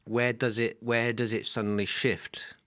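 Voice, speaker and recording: A man co-hosting a comedy podcast, teasing and laughing in animated banter. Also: medium pitch, measured pace, dry recording, studio quality. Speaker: podcast co-host. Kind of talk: casual comedy chat.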